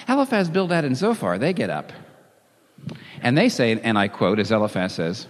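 A man preaching a sermon in a dramatic, animated way, with bursts of emphasis. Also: mid-range voice, normal speed. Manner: lively, dramatic, reads scripture with emphasis and chuckles. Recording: long hall reverb.

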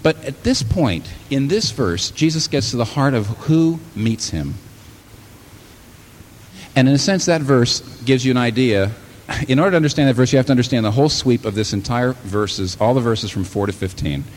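A man's voice: mid-range voice, lively intonation, moderate pace. A man preaching a sermon, who acts out imagined listeners and speaks as Jesus, building to exclamations.

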